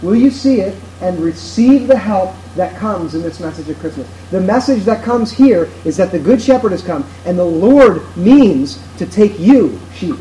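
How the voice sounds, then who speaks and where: A man with a notably high voice preaches a sermon, earnest and emphatic, building each point through repetition. A faint hiss of noise sits under the recording. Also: a little mellow, rough recording. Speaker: pastor.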